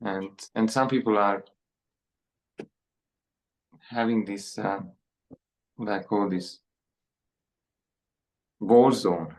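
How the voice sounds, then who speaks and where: A man speaking as a podcast guest, reflective and a little halting as he talks. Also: on the low side, low-quality recording. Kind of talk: conversational interview.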